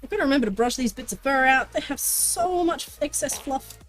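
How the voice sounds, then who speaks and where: A woman's voice: high-pitched, lively intonation, brisk, soft background music. A woman livestreaming while she crafts, chatting to viewers in a bubbly, playful way and often singing or laughing. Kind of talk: casual live-stream chat while crafting.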